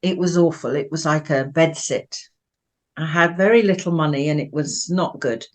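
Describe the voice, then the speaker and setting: A woman's voice: low voice, moderate pace, darkish tone. A woman of about seventy from Manchester, England, telling stories about her life as an interview guest in a chatty, rambling way, often breaking into laughter. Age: around 70. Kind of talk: personal storytelling.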